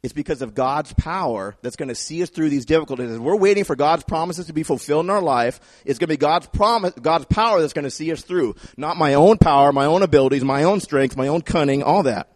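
A man preaching a sermon in an animated way, repeating phrases for emphasis and acting out the voices he quotes. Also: fairly high pitch, quick pace, hardly any pauses, no echo, clean studio sound. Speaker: pastor.

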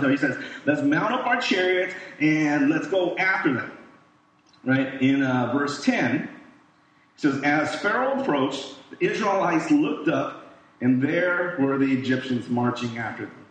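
A man's voice: on the high side, lively intonation, measured pace, fairly bright tone. A man giving a casual sermon, reading scripture and retelling it in his own words to his listeners. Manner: casual, talks to listeners, acts out quoted voices. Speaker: pastor. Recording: echoey room, voice from far off.

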